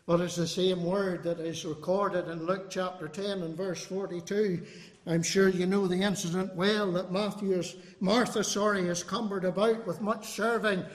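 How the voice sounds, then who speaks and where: A man's voice: high-pitched, fairly bright tone. A man preaching a fervent, emphatic sermon to a congregation. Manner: fervent, emphatic, appealing to the listener. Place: congregation hall. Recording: long hall reverb.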